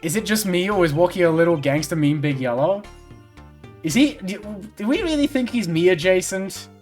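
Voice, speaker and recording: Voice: medium pitch, animated, normal speed, darkish tone, faint music behind. A streamer giving jokey playthrough commentary and reading a game's text aloud. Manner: playful, jokey, mutters to self.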